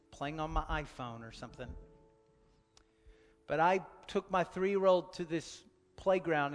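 Pastor guy preaching, kinda high voice, booming then hushed, big echoey hall w/ faint music. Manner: storytelling, swings from loud urgency to soft near-whisper. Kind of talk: sermon.

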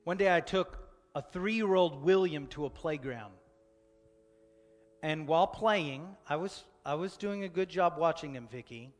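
A pastor in his thirties, his voice on the high side, preaches a sermon built around a personal story. He keeps a measured pace and swings from loud urgency down to a soft, near-whispered hush, all with a big-room sound.

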